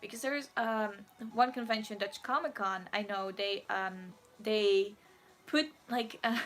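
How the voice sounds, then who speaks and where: A woman's voice: mid-range voice, a little slow, a bit bright. A woman on a casual livestream, reading out viewer comments and answering them in a giggly, rambling, playfully dramatic way. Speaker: cosplayer streamer.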